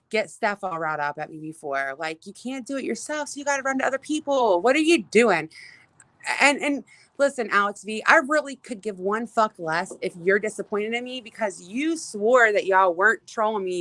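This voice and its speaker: A woman's voice: mid-range voice, pushed and bright, no room sound, poor audio. A woman hosting a casual livestream from outdoors on a phone, greeting viewers and venting in an exasperated, profane way with lots of fillers and restarts. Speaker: livestream host.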